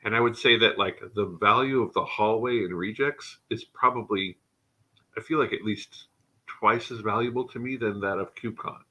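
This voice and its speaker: Bright, husky-voiced man hosting a tech chat. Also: lowish voice, normal speed, low-quality recording. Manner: enthusiastic, rambling asides. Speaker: show host. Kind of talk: casual tech livestream chat.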